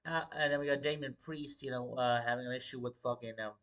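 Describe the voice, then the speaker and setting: Young male livestream host, loose and profane, rambling commentary, mid-pitched voice. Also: fairly even intonation, quick pace, fairly bright tone, highs cut off. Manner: profane, rambling, repeats filler words. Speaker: wrestling show host.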